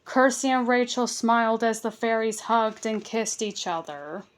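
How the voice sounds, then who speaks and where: A woman reads a children's storybook aloud in a fairly high voice. Her pace is slow and deliberate, and she occasionally stumbles and restarts a word before carrying on. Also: steady tone. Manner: careful reading with small stumbles and restarts. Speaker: storybook reader. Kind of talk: reading a children's book aloud.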